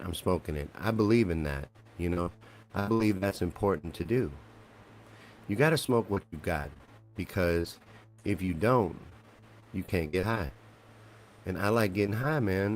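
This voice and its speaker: A man's voice: deep voice, normal speed, slight background noise. A man hosting a live comedy stream, rambling and swearing freely while he riffs on memes and news and asks viewers questions.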